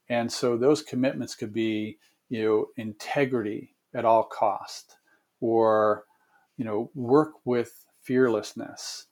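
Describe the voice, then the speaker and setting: A man giving long, measured answers as a guest consultant in an interview, with frequent fillers and restarts. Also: mid-range voice, darkish tone.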